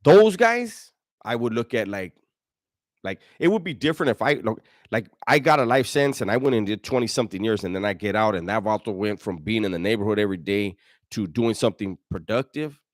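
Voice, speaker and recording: Middle-aged male streamer, low-ish voice, profane slangy storyteller, dry close recording. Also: animated, fairly quick, no echo. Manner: profane, slang-heavy storytelling, frequent restarts. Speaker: livestream host. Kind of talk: casual livestream chat reading viewer donations and comments.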